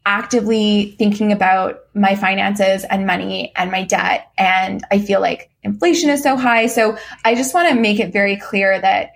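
A woman's voice: medium pitch, moderate pace, creaky, hardly any pauses. A young adult woman, a podcast guest, talking earnestly in casual conversation with many ums and restarts. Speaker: podcast guest, course creator.

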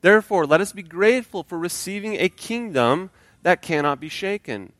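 A man's voice: high voice, animated, moderate pace, a bit bright, no echo. Conversational pastor, man, dry close sound. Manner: conversational, with rhetorical questions and humor. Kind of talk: sermon with scripture reading.

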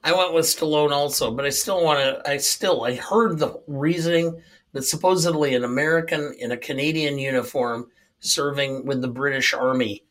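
Man, podcast co-host, slightly high voice, wry, chuckling, incredulous. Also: normal speed, fairly bright tone. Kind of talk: casual movie review chat.

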